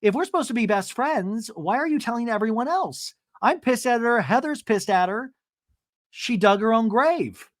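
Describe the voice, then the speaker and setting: A man's voice: very high-pitched, expressive, moderate pace, no room sound, clean studio sound, voice pushed up. A man doing a blunt, fed-up woman who speaks her mind indignantly.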